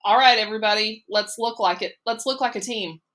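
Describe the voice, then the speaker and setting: A woman's voice: medium pitch, a little fast, a bit bright, natural voice. A woman voicing a tough female soccer coach who gives firm, rallying orders to her team.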